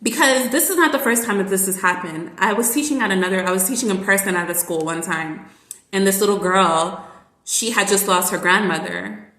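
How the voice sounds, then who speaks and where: Chatty woman with a bright voice. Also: mid-range voice, brisk, echoey room. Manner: rambling, chatty with fillers. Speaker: online reading teacher. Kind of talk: casual vlog chat.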